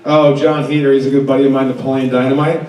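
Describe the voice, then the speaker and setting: A man's voice: medium pitch, little pitch movement, fast. A man in his thirties telling comedic stories at a fan convention Q&A, joking and acting out the people in his stories. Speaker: actor answering fan questions on a panel. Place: large convention hall with audience. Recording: echoey convention hall from far off, loud crowd.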